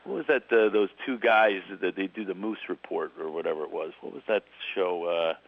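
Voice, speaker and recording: A middle-aged man with a Philadelphia accent, a guest comedian telling stories in a casual phone interview, with animated, jumping delivery. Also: deep voice, normal speed, dull audio. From Philadelphia, USA. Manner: animated storyteller, lively voice jumps.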